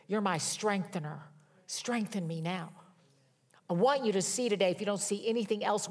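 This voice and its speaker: Older female pastor, lower register, homespun storyteller with a wry streak. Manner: conversational, folksy storytelling with wry humor. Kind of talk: sermon.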